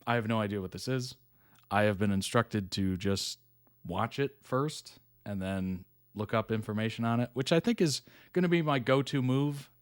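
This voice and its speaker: A man's voice: on the low side, moderate pace, clear, resonant tone, no echo, studio quality. A middle-aged man hosting a reaction video, chatting in an easygoing way and laughing often. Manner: reads article text aloud plainly. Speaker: reaction channel host. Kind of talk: casual reaction commentary.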